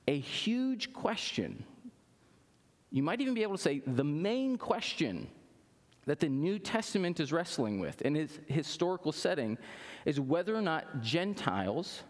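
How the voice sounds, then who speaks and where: A man's voice: high voice, big-room sound. A man preaching a Sunday sermon to a congregation, with emphatic delivery and frequent rhetorical "right?" asides. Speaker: pastor. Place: church sanctuary with congregation.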